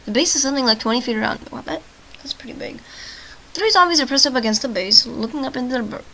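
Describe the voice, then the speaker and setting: A woman reading a text adventure game aloud for her channel, her voice a little high and very bright and forceful. She stumbles over words, restarts and keeps stepping out of the story to joke about it. She is short on sleep. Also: a little hiss or hum, rough recording. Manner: trips over words and restarts, breaks off into joking comments. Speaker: gaming channel host.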